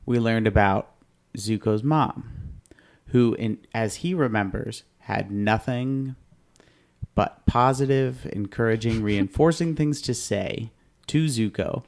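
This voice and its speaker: A man's voice: on the low side, slow pace, vocal fry, a little mellow. A man co-hosting a podcast in casual chat, playful and dramatic, joking as he talks. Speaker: podcast co-host.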